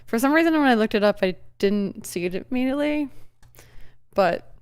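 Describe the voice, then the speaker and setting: A woman's voice: on the high side, expressive, brisk, smooth. A woman streamer chatting casually during a live reaction, giggling often and rambling with many fillers and restarts.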